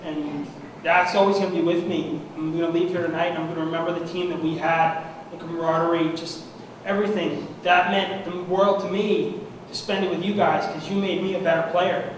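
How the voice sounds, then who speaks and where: A young man giving an award acceptance speech, heartfelt and halting, clearly emotional. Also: on the high side, fairly even intonation. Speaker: award recipient. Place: large banquet room at an annual meeting. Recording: echoey hall from far off, noisy.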